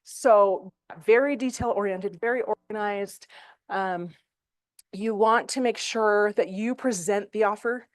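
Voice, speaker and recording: A middle-aged woman teaching real estate agents in a training room, chatty and animated, with fillers. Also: mid-range voice, a little slow, no echo, studio quality. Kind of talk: classroom training talk.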